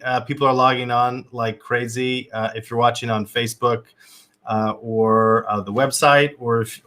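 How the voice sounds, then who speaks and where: A man's voice: medium pitch, fairly bright tone. Upbeat man hosting a livestream. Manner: upbeat, filler-heavy, greets viewers by name. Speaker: host. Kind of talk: livestream welcome, casual chat.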